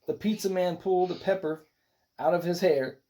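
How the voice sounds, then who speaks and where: A storybook reader narrating a picture book aloud with expressive, animated delivery. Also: medium pitch, normal speed.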